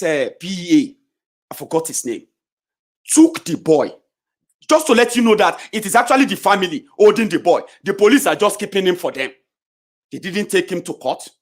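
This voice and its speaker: This is a middle-aged Nigerian political commentator speaking in a Nigerian accent. His confrontational, heated rant on politics veers from loud shouts down to low mutters.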